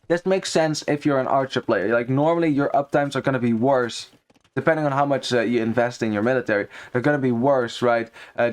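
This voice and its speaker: A young man casting a real-time strategy match, chatty and analytical, explaining game mechanics as the action unfolds. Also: mid-range voice. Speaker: esports caster. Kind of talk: live strategy-game commentary.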